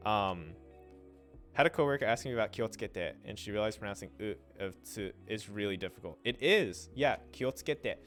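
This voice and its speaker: A young man casually explaining Japanese pronunciation on a livestream, trailing off, restarting and sounding out syllables slowly. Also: fairly low pitch, lively intonation, a bit bright, faint music behind. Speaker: streamer teaching Japanese.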